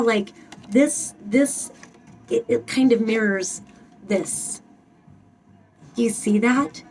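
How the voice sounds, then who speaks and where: A woman's voice: fairly high pitch, a little mellow, distant mic, poor audio. A woman giving a casual tarot reading, blunt and emphatic, swearing freely and repeating phrases for emphasis. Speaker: tarot reader.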